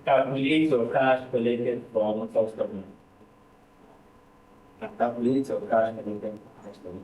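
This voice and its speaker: A man lectures a finance class, drilling numbers by repeating them and pausing for answers. He sits some way off the mic in a reverberant room. A faint hum of ambience lies underneath. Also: medium pitch, steady tone, phone-quality sound. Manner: repeats figures, quizzes students. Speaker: finance tutor. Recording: roomy, distant classroom recording.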